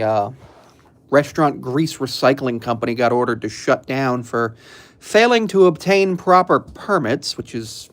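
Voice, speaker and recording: A young man chatting casually on a live stream, rambling and laid-back, with frequent ums and soft chuckles. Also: medium pitch.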